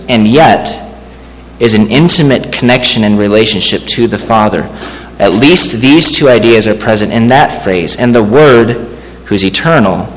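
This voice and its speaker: A man preaches from the pulpit in a deliberate, measured way, slowing right down whenever he reads scripture. His voice sits on the lower side. It rings out with a long reverb in the sanctuary, over a faint hum of room ambience. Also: fairly bright tone. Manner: measured, slows down to read scripture. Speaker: pastor. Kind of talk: sermon.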